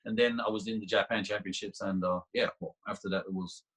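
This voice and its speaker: A man's voice: fairly low pitch, fast, slightly rough, low-quality recording. A man guest on a podcast, telling a story casually with lots of restarts and laughter. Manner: animated, laughing, many restarts.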